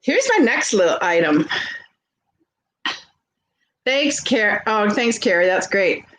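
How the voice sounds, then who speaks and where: A woman with a Canadian accent, hosting a live vintage sale and chatting warmly with viewers as she shows jewelry. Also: medium pitch, expressive, takes it slowly, poor audio. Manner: chatty and gushing, greets viewers by name. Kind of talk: casual live-stream selling.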